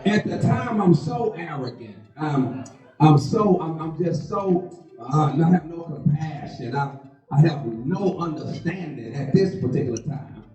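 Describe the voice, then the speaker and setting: An animated male comedian spins a story in loose, vernacular talk, chuckling as he goes. His voice sits somewhat high for a man. The recording is distant, echoey and muffled, with music playing behind. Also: measured pace. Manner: animated, vernacular, laughing through lines. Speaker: stand-up comedian. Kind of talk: stand-up storytelling. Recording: roomy, distant, muffled live stage audio with music.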